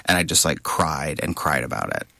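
A man with a low voice and a bright, forceful edge talks as an interview guest. He tells backstage stories in an animated, halting way, often restarting and laughing. The sound is dry and close, as in a studio. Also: vocal fry, no room sound. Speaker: guest, Broadway actor. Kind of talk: conversational interview storytelling.

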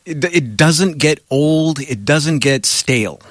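A man's voice: a little high, expressive, slow pace, no room sound, clean studio sound. A middle-aged man hosting an interview, asking questions in an earnest, chatty, self-deprecating way. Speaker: interviewer host. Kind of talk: conversational interview.

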